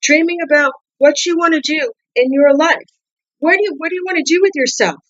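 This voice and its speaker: High-voiced woman giving a tarot reading. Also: brisk, dull audio. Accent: non-native English accent. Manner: repetitive, restarts words, coaxing questions. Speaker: tarot card reader. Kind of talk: casual tarot reading to camera.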